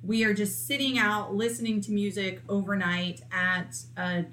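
Bright-voiced woman telling a candid story. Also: medium pitch, moderate pace, slight background noise. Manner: candid, animated, acts out quotes. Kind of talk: casual storytelling chat.

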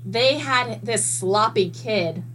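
A woman guest in a casual podcast chat, telling stories in an animated way and swearing freely. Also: a little high, slow pace, a little hiss or hum, low-quality recording. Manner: animated, profane storyteller.

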